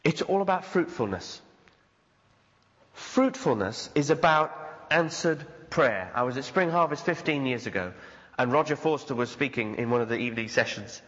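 A man's voice: mid-range voice, lively intonation, normal speed, fairly bright tone. A man preaching a sermon as pastor, earnest and conversational, acting out the voices he quotes. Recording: dull sound with long hall reverb.

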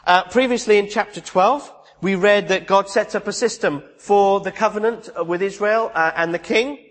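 Male preacher giving a chatty sermon in a reverberant church hall, voice on the higher side. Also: moderate pace. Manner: conversational, with restarts and asides.

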